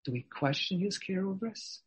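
A man preaching a sermon in a measured, earnest way, posing questions to his listeners. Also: sits high, lively intonation, husky, low-quality recording.

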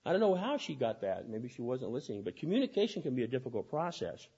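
A male preacher delivering a sermon in a husky, slightly rough voice at a middle pitch. He talks quickly and doubles back on his words as he goes. The recording is dull and lo-fi. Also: big pitch swings, warm tone. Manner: fast-talking, with repeated restarts.

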